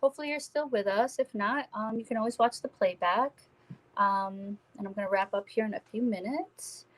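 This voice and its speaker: A psychic medium gives a spirit reading on a live stream, gently reassuring viewers and addressing them by name. Her voice sits in the mid range and moves at a normal speed. The recording is rough.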